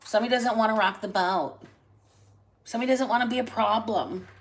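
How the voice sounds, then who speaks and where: A woman's voice: a little high, fairly quick, low-quality recording. Blunt, swearing woman hosting a tarot stream. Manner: blunt, profane, chatty. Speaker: tarot reader and livestream host. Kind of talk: casual livestream chat and tarot reading.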